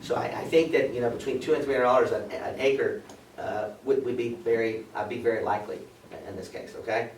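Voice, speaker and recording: Man, hoarse and folksy, addressing a room from a distance, faint hum behind. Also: mid-range voice, steady tone, brisk, echoey room. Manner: folksy, keeps asking "okay?". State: losing his voice, dry throat. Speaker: lawyer speaking to farmers. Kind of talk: informal talk to a meeting. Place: meeting room with an audience.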